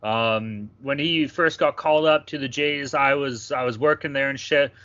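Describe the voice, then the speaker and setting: A man's voice: mid-range voice, moderate pace, bright, forceful tone, dry recording. A young man co-hosting a sports betting podcast, chatting casually with rowdy, profane banter. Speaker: podcast co-host. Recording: dull lo-fi sound, dry.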